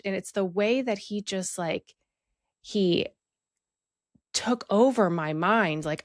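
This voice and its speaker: A woman's voice: fairly low pitch, no room sound, clean studio sound. A woman telling a personal story of emotional abuse in a candid, reflective way, with many fillers. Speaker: podcast guest sharing her story.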